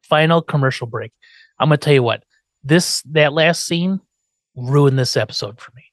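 A man's voice: on the high side, normal speed, no room sound. A man hosting a podcast, telling an episode's story in a casual chat, acting out quotes and swearing now and then. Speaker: podcast host.

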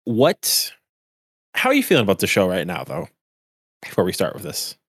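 Male podcast co-host, lowish pitch, dry mic, rambling casual delivery. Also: huge pitch swings, normal speed, a bit bright, breathy edge, no room sound. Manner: rambling, heavy use of "like" fillers. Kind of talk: casual chat.

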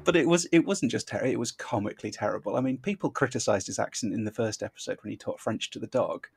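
A man's voice: mid-range voice, quick pace, gravelly, slightly rough, dry recording. A man hosting a podcast discussion, wry and dryly joking, with some "um"s. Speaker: podcast host. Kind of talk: casual chat.

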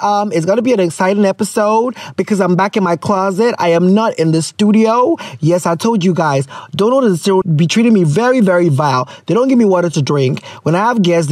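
A man's voice: high-pitched, darkish tone, dry recording, studio quality. A man with a Ghanaian accent hosting a podcast from his closet at home, chatting casually and joking, slipping into local slang. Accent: Ghanaian English. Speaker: podcast host. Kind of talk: casual chat.

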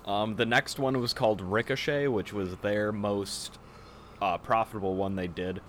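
A man's voice: on the low side, steady tone, moderate pace, a bit bright, slight background noise. A man hosting a podcast, explaining things bluntly and matter-of-factly in a casual way. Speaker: podcast host presenting the topic.

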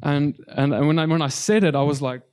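A man preaches a personal testimony sermon to a congregation, his voice tearful as he halts and repeats words. His pitch is fairly high, with a steady, slightly mellow, clean tone.

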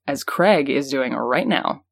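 A woman's voice: rumbling low, lively intonation, slow, creaky. A woman co-hosting a casual comedic podcast in a playful, goofy, joking way. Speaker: podcast co-host.

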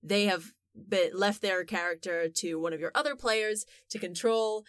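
A woman hosting a casual podcast chat, animated and quick to laugh, swearing casually. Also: mid-range voice, no room sound, studio quality. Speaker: podcast host.

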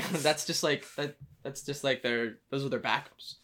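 A man's voice: medium pitch, a bit bright. Bantering man hosting a sports podcast. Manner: joking, quick to argue and laugh. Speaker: podcast co-host. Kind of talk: casual sports podcast chat.

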